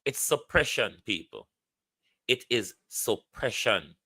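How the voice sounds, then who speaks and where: A man's voice: fairly low pitch, lively intonation, slow pace, sharp tone, no echo. A Jamaican man vlogging heated political commentary, ranting bluntly and swearing freely.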